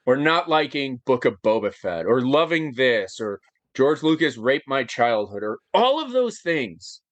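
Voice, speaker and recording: Animated, choked-up man telling a story. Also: mid-range voice, unhurried, no room sound. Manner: animated, gets choked up, lots of fillers. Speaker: interview guest. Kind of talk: emotional storytelling in conversation.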